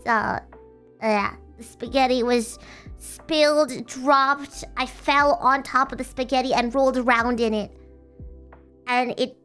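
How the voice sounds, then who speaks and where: High, bright bubbly woman streamer. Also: fairly even intonation, a little slow, clear, resonant tone, soft background music. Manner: rambling, bubbly, self-teasing with frequent restarts. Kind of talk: casual livestream chat.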